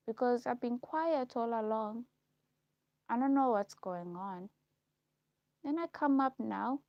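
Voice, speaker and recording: A woman speaking a halting, repetitive personal monologue on a live stream, slow and heavy in delivery. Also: fairly high pitch, gravelly, dry recording, dull audio. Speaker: livestream host.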